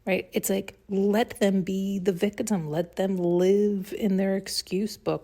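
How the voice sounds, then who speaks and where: A woman's voice: mid-range voice, flat delivery, normal speed, vocal fry, hardly any pauses, mellow. A woman hosting a podcast, giving a blunt, heated solo monologue during an intuitive reading and swearing freely. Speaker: podcast host.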